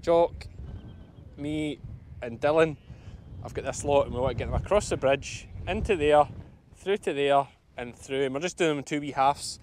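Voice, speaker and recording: Chatty Scottish shepherd, slightly high voice. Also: male voice, normal speed, darkish tone, a little hiss or hum. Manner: chatty, explains as he goes. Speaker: sheep farmer filming his lambing. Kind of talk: casual vlog narration while working. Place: outdoors on a sheep farm.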